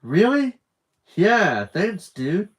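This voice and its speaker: A man's voice: on the high side, lively intonation, normal speed, mellow, pitched above the performer's own voice. A man voicing a cheerful, happy-go-lucky young man who talks in an eager, upbeat way.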